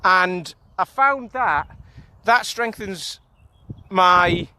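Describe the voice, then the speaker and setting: A man's voice: sits high, lively intonation, extremely slow, sharp tone. A man, out of breath, talking casually and rambling as he walks outdoors with a phone held in his hand. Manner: rambling, repeats himself, chatty. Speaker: kettlebell coach. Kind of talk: casual walking vlog. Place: outdoors on a walk.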